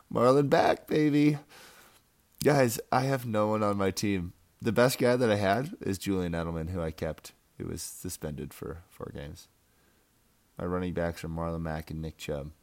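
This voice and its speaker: A young fantasy football league member with a lowish, slightly mellow voice runs through a loose, rambling recap, trash-talking and laughing as he goes.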